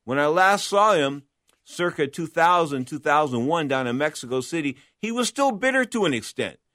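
A man's voice: on the high side, animated, normal speed, sharp tone, no echo. Blunt, emphatic man in a dry room. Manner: blunt, emphatic, rhetorical questions. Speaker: boxing commentator. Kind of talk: opinionated monologue.

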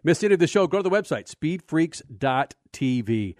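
A man's voice: a little high, sing-song, a little fast, a little mellow, no room sound, studio quality. A man hosting a radio talk show, brash and upbeat, reading promos and slangy plugs.

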